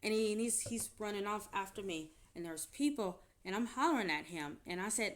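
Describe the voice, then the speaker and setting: Woman vlogger, mid pitch, candid off-the-cuff storytelling, halting then animated. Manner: candid, halting, grows animated when retelling. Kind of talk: unscripted personal storytelling.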